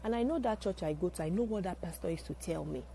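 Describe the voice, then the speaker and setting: A woman giving a measured personal testimony and recounting her experience. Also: on the low side, expressive, mellow, a little hiss or hum, poor audio.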